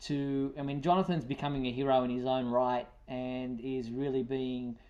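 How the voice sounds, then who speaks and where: New Zealand man, casual fan-show host, mid-pitched, talkative with fillers. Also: fairly even intonation, normal speed, a little mellow, dull audio. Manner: talkative, lots of fillers and restarts. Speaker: podcast host.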